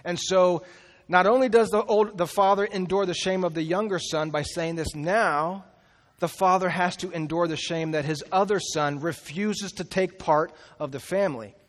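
Man, preacher, sermon, lively storytelling, fairly high voice, long hall reverb. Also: moderate pace. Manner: animated storytelling, acting out the characters' lines. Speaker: pastor.

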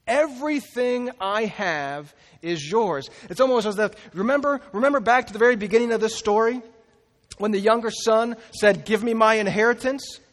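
Man, preacher, sermon, lively storytelling, fairly high voice, long hall reverb. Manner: animated storytelling, acting out the characters' lines. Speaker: pastor.

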